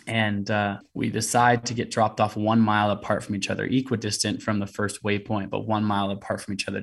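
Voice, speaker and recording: Podcast guest, a man with a lowish voice, earnest storyteller. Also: fairly bright tone. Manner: earnest storytelling, many "you know" fillers. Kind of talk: storytelling interview.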